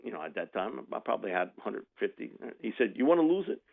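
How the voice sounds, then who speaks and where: Man, animated storyteller, tinny phone sound. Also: on the low side, fast, gravelly. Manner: animated, mimics voices in anecdotes with laughs. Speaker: radio guest. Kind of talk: storytelling on sports radio.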